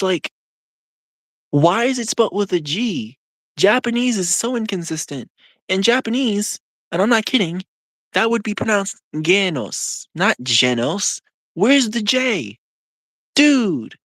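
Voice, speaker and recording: Young adult streamer, casual live chat, animated and rambling, dry room. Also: medium pitch, dry recording. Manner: rambling, full of "like" and quick laughs.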